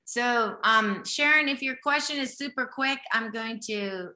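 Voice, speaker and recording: This intuitive health reader from Japan runs a live one-on-one session, her slight Japanese accent coming through from her native tongue. Her somewhat high, sharp voice moves a little slowly and echoes in the room. She presses her points directly, frequently asking "okay?"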